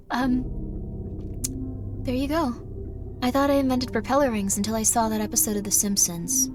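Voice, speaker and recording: A woman streaming a game live, talking to chat in a rambling, earnest and apologetic way. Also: high voice.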